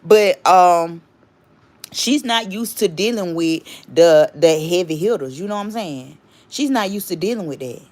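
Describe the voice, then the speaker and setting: A woman's voice: on the low side, lively intonation, measured pace, a little mellow. A woman hosting a casual livestream, rambling chattily and stopping to greet and thank viewers. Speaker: livestream host.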